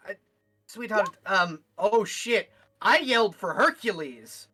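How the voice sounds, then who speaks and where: A bright, clear-toned woman playing a tabletop game, lively and ready to curse. She jumps between table talk and her character, with faint music in the background. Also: mid-range voice, slow pace, rough recording. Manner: animated, swears freely, bursts into in-character outbursts. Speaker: player. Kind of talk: tabletop role-play.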